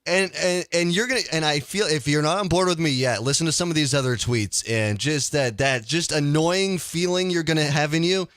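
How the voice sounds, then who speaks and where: A man's voice: a little high, moderate pace, hardly any pauses, no room sound, clean studio sound. A man hosting a casual call-in radio show, ranting with energy and stumbling over his words. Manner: animated, ranting, stumbles and restarts.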